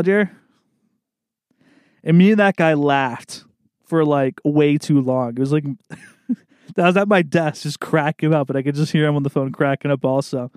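A man's voice: mid-range voice, darkish tone, no room sound, clean studio sound. A man hosting a podcast in casual chat. He talks loosely, swears often and laughs a lot. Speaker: podcast host.

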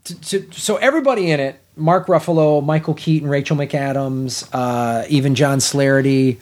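Speaking at a normal speed in a mid-range voice, this middle-aged podcast co-host reviews a film casually. He's blunt and animated, cursing freely and frequently starting sentences over.

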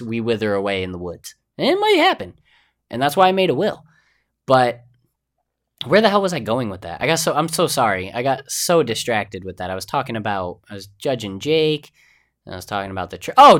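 A young man talking on his own podcast in a loose, rambling way. He is chatty and easily sidetracked, wandering off on tangents and pulling himself back. His pitch sits in an ordinary middle range for a man. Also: fairly bright tone. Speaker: podcast host. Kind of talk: casual solo podcast chat.

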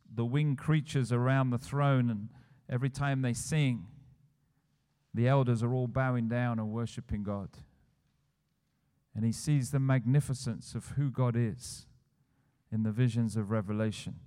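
A man's voice: mid-range voice, darkish tone. A man preaching a sermon, retelling scripture scenes and building to emphatic declarations. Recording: long church hall reverb.

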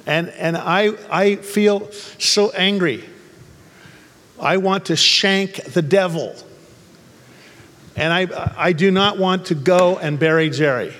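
A male pastor preaches from the pulpit, swinging from joking travel stories into fervent, angry appeals for healing. His voice sits a little high for a man. The sound rings with the long reverb of a church hall. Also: slow, a bit bright. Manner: humorous storytelling turning to fervent, angry exhortation. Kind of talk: sermon.

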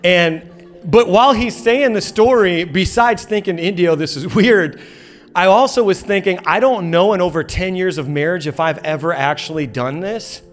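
A man's voice: sits high, normal speed. A man in his thirties preaching a sermon in a church auditorium, telling a funny story with lots of energy and playful acted quotes. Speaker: pastor.

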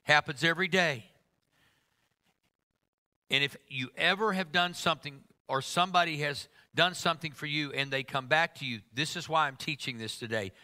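A man's voice: on the high side, moderate pace, pushed and bright. A middle-aged man preaching a sermon to a congregation, emphatic and humorous, teasing his listeners.

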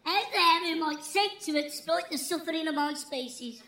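A woman's voice: extremely high pitch, moderate pace, over a noisy crowd. A woman voicing a crude, scheming male hedgehog, chummy and sly. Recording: roomy, noisy recording.

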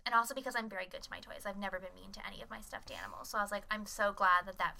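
Bright, chatty young woman podcaster. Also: mid-range voice, steady tone, rapid-fire, vocal fry. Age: young adult. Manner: chatty, filler-heavy, gushing. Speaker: podcast co-host. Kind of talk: casual chat.

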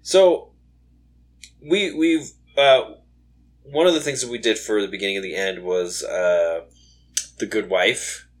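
A man's voice: fairly low pitch, unhurried, long pauses. A young man co-hosting a casual late-night podcast, rambling with lots of fillers and restarts, a little tired. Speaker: podcast co-host.

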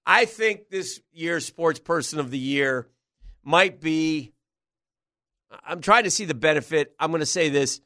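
Teasing sports radio host, dry mic. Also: male voice, fairly high pitch, animated, a little slow, bright, forceful tone, dry recording. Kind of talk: radio banter and reading off names.

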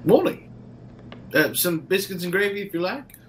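A man's voice: sits high, expressive, moderate pace, slight background noise. A man playing a tabletop game in character, friendly and easygoing. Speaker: player. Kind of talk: in-character tabletop role-play.

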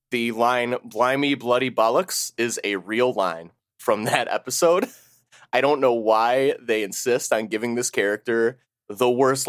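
A man's voice: medium pitch, no room sound, studio quality. A man co-hosting a podcast in casual chat, wry and sarcastic, laughing as he talks. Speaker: podcast co-host.

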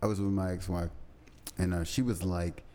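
Low-voiced man, animated storyteller. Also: moderate pace. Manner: animated storyteller, acts out quotes. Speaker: podcast co-host. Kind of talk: casual storytelling chat.

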